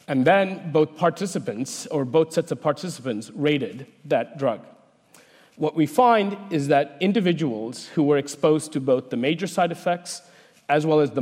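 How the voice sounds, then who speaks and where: A man, a researcher, giving a prepared talk in a measured, explanatory way. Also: on the high side, a little mellow. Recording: long hall reverb.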